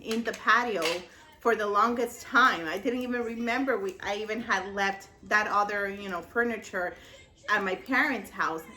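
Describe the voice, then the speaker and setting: A woman's voice: on the high side, pushed and bright. A middle-aged woman vlogger telling a funny family story in a casual way, laughing often and acting out both sides of the conversation.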